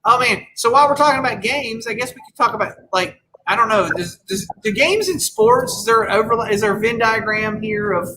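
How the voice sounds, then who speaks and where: A man's voice: high-pitched, lively intonation, brisk, sharp tone, a little hiss or hum, rough recording. A man hosting a casual chat show, telling wry stories and acting out quoted back-and-forth. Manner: storytelling, wry, acts out quoted dialogue. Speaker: podcast host.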